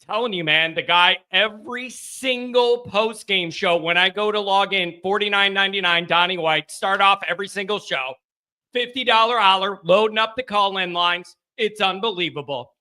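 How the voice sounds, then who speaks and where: Man, live sports stream host, high voice, very bright tone, rambling, joking. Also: normal speed, smooth. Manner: rambling, joking, teasing chat viewers. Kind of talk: casual live-stream chat. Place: home studio.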